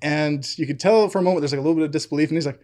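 A man's voice: a little high, rapid-fire, a little mellow. A young man telling a long story on a casual podcast chat, full of fillers, laughing often. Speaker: podcast co-host.

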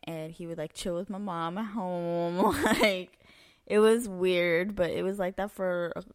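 A woman's voice: on the low side, steady tone, unhurried, clean tone. A young woman co-hosting a podcast, telling personal stories in casual chat, full of "like" and "um". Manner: chatty storytelling, lots of "like" and "um". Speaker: podcast co-host.

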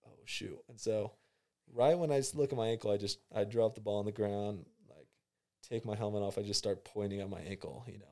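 Telling a story in a relaxed chat, this young college football player uses slang and acts out how he reacted. He speaks briskly in a mellow voice on the low side.

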